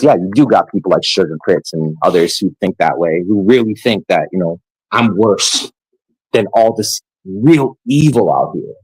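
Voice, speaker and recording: A man's voice: sits low, animated, moderate pace, a little mellow, slightly rough, no room sound, rough recording. A man ranting angrily and profanely to his viewers in a scornful vlog tirade. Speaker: vlogger. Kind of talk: angry rant to camera.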